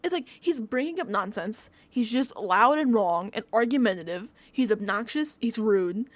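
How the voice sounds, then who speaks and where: A woman vlogger giving a casual recap of a reality show, ranting in an exasperated, animated way with lots of fillers and laughs. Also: fairly high pitch, moderate pace, dry recording. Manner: chatty, many fillers like "like".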